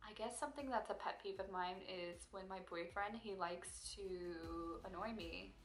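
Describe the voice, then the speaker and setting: A woman's voice: mid-range voice, moderate pace. A young woman chatting expressively and playfully as she answers questions in a casual Q&A vlog. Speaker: vlogger. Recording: echoey room with faint music.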